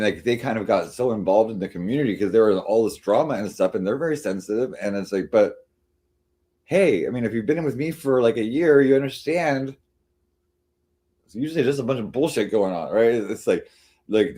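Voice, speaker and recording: A man's voice: medium pitch, warm tone, breathy edge. Give me a man casually rambling to his livestream audience, full of fillers and restarts. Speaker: livestream host. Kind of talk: casual chat to a live audience.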